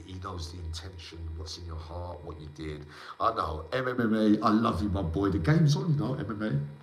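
Rambling slangy man, echoey room. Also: lowish voice. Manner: calls out viewers by name, emotional, slangy. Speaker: livestream host. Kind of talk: rambling live chat with viewers.

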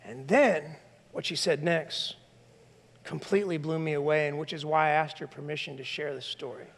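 A man preaching a sermon as lead pastor in a church, talking in an animated, conversational way and acting out the voices of people he quotes. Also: on the high side, moderate pace. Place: church sanctuary. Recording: long hall reverb.

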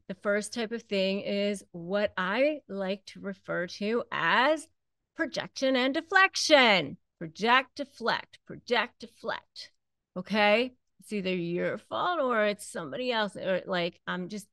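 A woman's voice: medium pitch, fairly bright tone, no room sound. A woman hosting an advice talk, speaking conversationally and acting out bits of quoted dialogue. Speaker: host.

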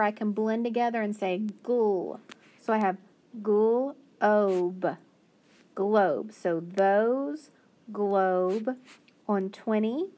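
A woman's voice: mid-range voice, darkish tone. A woman teacher giving a phonics lesson to young children, patiently sounding out each word. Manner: slow, patient, sounding out words.

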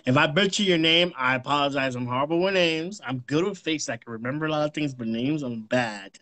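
A man hosting a ministry livestream, greeting viewers by name with blessings and shout-outs. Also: a little high, brisk, no room sound. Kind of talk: casual livestream chat.

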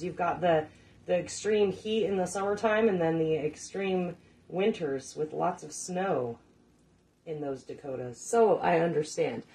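A middle-aged woman hosting a casual cooking livestream, chatting with viewers, swearing casually and laughing often. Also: fairly low pitch. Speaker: cooking show host.

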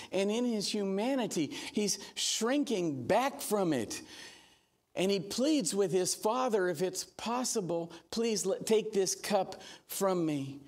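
High-voiced, slow-preaching male pastor. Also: darkish tone. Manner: earnest preaching with humor and acted-out quotes. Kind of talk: sermon.

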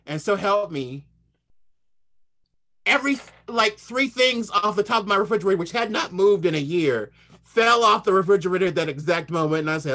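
A man speaking as a culinary historian, telling animated, humorous stories with playful repetition. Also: high-pitched, normal speed. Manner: humorous, playful, repeats words. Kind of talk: animated anecdotal storytelling.

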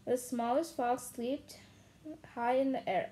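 A woman reading a children's book aloud in a steady way, with small slips and restarts. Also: a little high, slow pace, low-quality recording. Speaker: storyteller.

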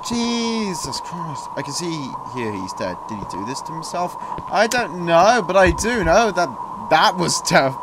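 A young man commentating on a horror game, sarcastic and jumpy, shouting when startled. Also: a little high, sing-song, measured pace, heavy background noise. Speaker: gameplay commentator.

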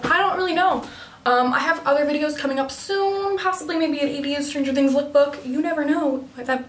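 A woman's voice: high voice, background noise. A teenage girl vlogging about her skincare in a casual, rambling way, full of "like" and "um". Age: teens. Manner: chatty, rambling, fills with "like" and "um". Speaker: beauty vlogger. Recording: roomy, mic at a distance.

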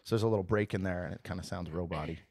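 Low-ish guy rambling on a podcast, laughs a lot, dry close sound. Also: racing, vocal fry, darkish tone, no room sound. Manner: rambling, laughs often, restarts mid-sentence. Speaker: band vocalist and lyricist, guest. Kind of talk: casual podcast chat.

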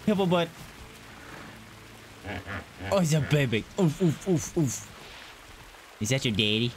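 A man's voice: a little high, expressive, a little slow, a crowd in the background. A man commenting on his own playthrough of a zoo game, who gushes over the animals in baby talk and mutters to himself through the menus. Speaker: gaming channel host.

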